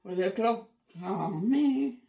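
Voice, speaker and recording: A man's voice: sits high, expressive, slow pace, gravelly, distant mic, over loud music. Goofy guy clowning in a casual vlog, says stuff twice, roomy echo. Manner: playful, repeats himself, teasing. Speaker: vlogger. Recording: echoey room.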